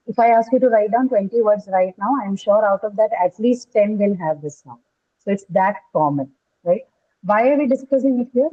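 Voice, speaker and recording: The English pronunciation teacher has a dark, mid-range voice. She tags her points with "right?" and puts questions to the class, captured in dull, lo-fi sound.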